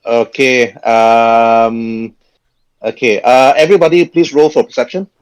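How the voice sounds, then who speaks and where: A man running a tabletop game as game master, talking in a halting way with frequent chuckles. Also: mid-range voice, steady tone, clean tone, rough recording.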